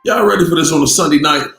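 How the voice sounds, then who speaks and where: Unhurried man in a roomy echo. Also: fairly high pitch, bright, forceful tone. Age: middle-aged. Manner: laid-back, greets chat viewers by name. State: tired. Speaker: live stream host. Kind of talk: casual live stream chat. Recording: roomy echo with faint music.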